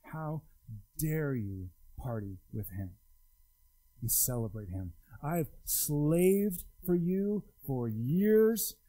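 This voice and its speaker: A man's voice: a little high, animated, extremely slow, warm tone, heavily acted, poor audio. A man voicing a resentful elder brother, a young man accusing his father bitterly. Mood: indignant.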